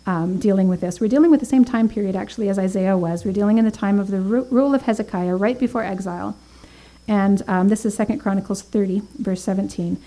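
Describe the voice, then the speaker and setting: A woman's voice: medium pitch, mellow, low-quality recording. A woman teaching a Bible study, earnest, reading scripture aloud with emphasis and thinking aloud with small fillers and restarts.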